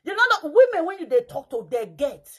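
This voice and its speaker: A high-pitched woman with a Nigerian Pidgin accent delivers mocking, theatrical commentary. She slips into sing-song chants and mock wailing as she talks. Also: sing-song, fairly quick.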